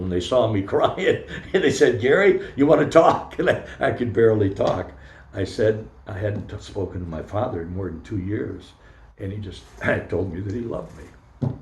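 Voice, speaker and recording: An older man with a lowish voice gives a candid, personal talk in a temple hall. He tells his story haltingly, pausing and filling gaps with "uh" and "um". The room adds a noticeable echo around him. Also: a little mellow. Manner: candid, halting storytelling with frequent pauses and fillers. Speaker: Zen priest giving a dharma talk. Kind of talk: informal personal sermon. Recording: roomy echo.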